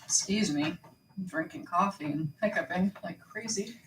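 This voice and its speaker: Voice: medium pitch, animated, normal speed. A co-host in casual chat, mostly giving brief agreeing replies. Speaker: livestream co-host. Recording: roomy, distant mic with faint noise.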